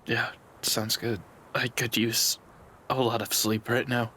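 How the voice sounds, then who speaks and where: A man role-playing his character in a tabletop game, speaking in an earnest, halting way. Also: medium pitch, little pitch movement, pushed and bright, a little hiss or hum. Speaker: player.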